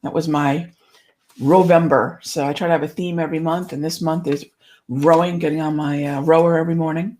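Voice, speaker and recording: Upbeat woman host chatting on a webcam stream, lowish voice, lots of restarts, bit winded. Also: fairly even intonation, brisk, a little mellow. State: a bit out of breath after exercise. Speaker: trading show host. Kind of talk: casual livestream chat. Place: office.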